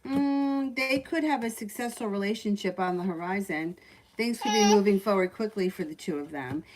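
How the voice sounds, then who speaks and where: A woman giving casual tarot readings on a livestream from home, with a relaxed, matter-of-fact manner. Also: mid-range voice, moderate pace, background noise. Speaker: tarot reader.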